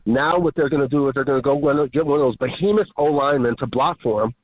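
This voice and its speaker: A man's voice: mid-range voice, fast, no echo. Guy calling in on the phone, sarcastic and fed up, tinny line. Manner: sarcastic, exasperated. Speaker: caller. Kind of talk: call-in radio rant. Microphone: telephone.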